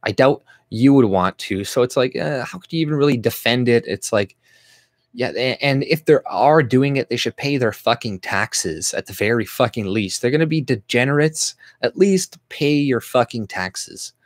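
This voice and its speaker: A man's voice: mid-range voice, animated, moderate pace. A Canadian man with an ordinary, mid-range voice rants on his own livestream, cursing freely and stumbling through "you know" and "like" as he reacts to viewer comments. His voice sounds close and dry, with no room echo. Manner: blunt, profane, heavy on fillers and restarts. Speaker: YouTube channel host.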